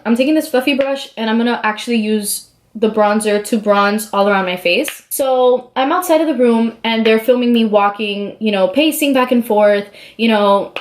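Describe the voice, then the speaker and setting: Chatty young woman vlogger, higher voice. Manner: chatty, lots of "like", animated quoting of others. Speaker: beauty vlogger. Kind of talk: casual storytelling while doing makeup.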